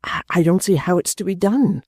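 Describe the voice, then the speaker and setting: A man voicing an earnest young dramatist who speaks in a measured way. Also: sits high, darkish tone, breathy edge, dry recording, clean studio sound, pitched above the performer's own voice.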